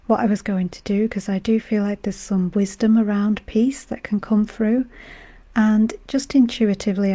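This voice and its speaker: A woman from Britain who is unwell, her voice going, talking gently and softly as a meditation guide on a live stream, rambling with many fillers. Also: medium pitch. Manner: soft-spoken, gentle and rambling, with frequent fillers. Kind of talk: casual spiritual talk on a live stream.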